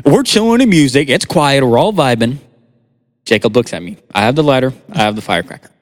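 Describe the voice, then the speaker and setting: A young man co-hosting a podcast, telling a story in casual chat, animated and laughing. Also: medium pitch, fast talker, big-room sound. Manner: animated, laughing, sound effects in stories. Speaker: podcast co-host.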